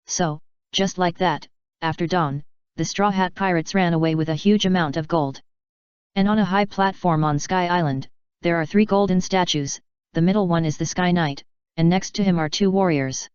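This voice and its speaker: Very clear woman narrating a storybook. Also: fairly low pitch, normal speed, darkish tone, no room sound, highs cut off. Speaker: audiobook narrator. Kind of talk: scripted narration.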